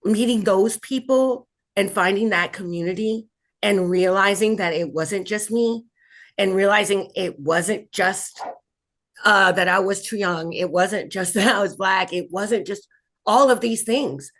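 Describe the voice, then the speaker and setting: A woman, a cancer survivor, telling her own story in an interview with emphatic, expressive delivery and frequent laughs. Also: medium pitch, measured pace. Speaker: colorectal cancer survivor and patient advocate.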